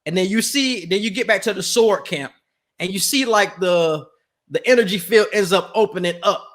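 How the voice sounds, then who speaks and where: A man co-hosting a podcast, talking in a slangy, animated way and acting out quotes in casual chat. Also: sits high, moderate pace. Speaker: podcast co-host.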